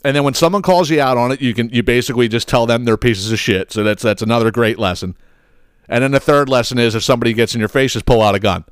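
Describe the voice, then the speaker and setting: A man's voice: mid-range voice, fast talker, smooth, dry recording, clean studio sound. A man hosting a podcast, ranting about viral clips in a sarcastic, blunt and profane way. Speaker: podcast host.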